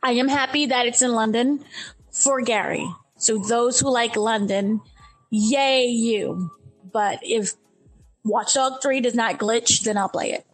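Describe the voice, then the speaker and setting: A woman co-hosting a podcast with a fairly high, husky voice. She speaks slowly and keeps a playful, joking manner. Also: soft background music, rough recording. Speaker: podcast co-host. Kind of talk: casual podcast chat.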